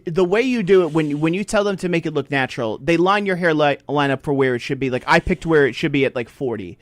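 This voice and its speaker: A man co-hosting a casual podcast, telling a profane, animated story. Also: fairly high pitch, fast talker, no room sound. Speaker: podcast co-host. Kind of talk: casual chat.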